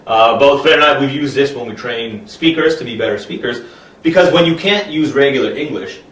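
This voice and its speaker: A man walks through an improv game he teaches, talking in an animated, expressive way. His voice sits in a middle range. The mic is some way off, so the sound is roomy and distant. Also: mid-range voice, brisk. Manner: animated, speaks in expressive gibberish while performing. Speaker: improv trainer. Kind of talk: explaining an improv exercise.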